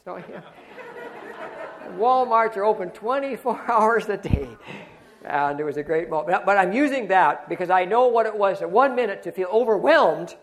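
A man preaching a sermon and telling a personal story, moving between loud exclamations and quiet murmurs. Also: high-pitched. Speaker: pastor.

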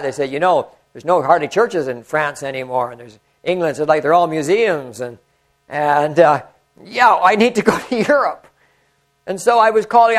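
A man preaching a conversational sermon, swinging from animated storytelling to hushed, prayerful tones. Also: high voice, rough recording.

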